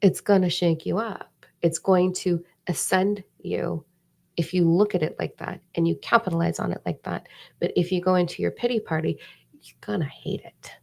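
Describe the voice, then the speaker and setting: A woman hosting a casual spiritual live stream, animated and swearing freely. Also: fairly low pitch, normal speed, gravelly. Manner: animated, swears freely, mock voices and whispers for effect.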